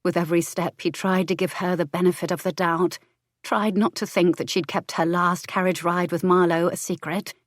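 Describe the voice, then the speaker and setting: A woman narrating a historical romance audiobook in a measured, expressive reading. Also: fairly low pitch, no room sound, clean studio sound.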